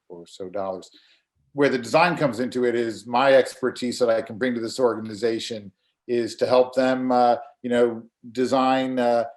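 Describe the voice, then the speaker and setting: A middle-aged man with a somewhat low voice speaks earnestly in a casual online community meeting, heard over a video call. He talks haltingly and often repeats a word or two before finishing a thought. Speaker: graphic designer and community volunteer.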